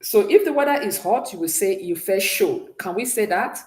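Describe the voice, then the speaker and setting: A woman's voice: medium pitch, animated, brisk, warm tone. A woman teaches a French exam-prep lesson with a mid-range voice, asking students to repeat words after her and praising each answer. She talks in a roomy, echoing space. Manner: patient, praises often, drills pronunciation with repeat-after-me prompts.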